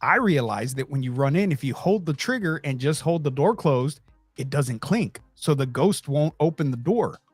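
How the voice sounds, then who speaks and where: A man hosting a podcast, telling a story in a loose, profane, animated way. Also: fairly high pitch, moderate pace, husky, dry recording, soft background music. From Texas. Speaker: podcast host. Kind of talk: casual storytelling chat.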